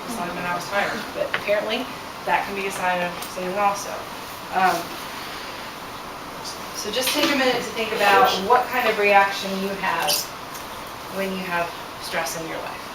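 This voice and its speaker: A woman's voice: mid-range voice, moderate pace, pauses often. Woman leading a classroom workshop, echoey and distant. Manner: conversational, many "um" fillers, asks the group questions. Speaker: workshop presenter. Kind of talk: explaining a stress workshop to students. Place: university classroom. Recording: echoey room, far from mic, loud background noise.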